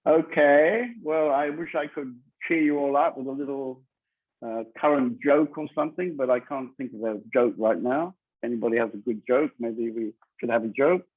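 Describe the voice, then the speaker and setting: A man's voice: mid-range voice, normal speed. A man, a spiritual teacher, speaking bluntly and insistently in an online group meeting and hammering his points home. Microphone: video call. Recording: tinny video call audio.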